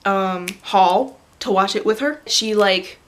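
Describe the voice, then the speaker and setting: A young adult woman vlogging to a camera on a tripod, rambling excitedly in a casual fan rant. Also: medium pitch, slow.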